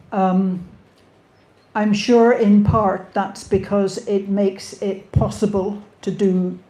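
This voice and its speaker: Slow older woman with a slight Scottish accent. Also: medium pitch, warm tone. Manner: measured, plain-spoken, dry humour. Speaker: astrophysicist giving a public lecture. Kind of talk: lecture Q&A answers. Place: lecture hall. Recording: echoey lecture hall.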